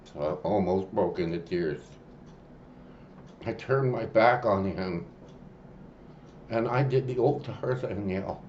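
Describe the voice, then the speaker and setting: A man telling a personal story in a rambling, halting way, full of fillers and restarts. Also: mid-range voice, darkish tone, highs cut off, a little hiss or hum. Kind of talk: casual spoken storytelling.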